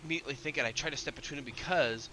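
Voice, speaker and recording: A man's voice: mid-range voice, racing, bright, forceful tone, a little hiss or hum, poor audio. A man playing a tabletop game, amused and stumbling over his words. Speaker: player. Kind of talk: casual game chat.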